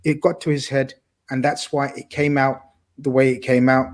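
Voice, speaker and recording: A man's voice: mid-range voice, flat delivery, normal speed. A man talking football on a casual podcast, talkative and blunt, swearing casually. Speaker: podcast co-host.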